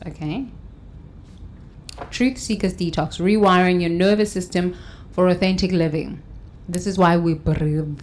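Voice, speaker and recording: Slow, soothing woman leading breathwork. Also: lowish voice, a little hiss or hum. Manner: slow, soothing counting with loud sighs. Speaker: breathwork and self-help host. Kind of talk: guided breathing and motivational talk. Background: faint instrumental music.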